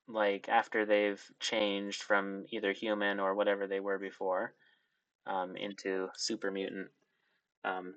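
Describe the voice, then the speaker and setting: A man narrating a tabletop role-playing game as game master, hesitant and filling pauses with ums. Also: lowish voice, fairly bright tone, no echo. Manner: hesitant, lots of ums and restarts.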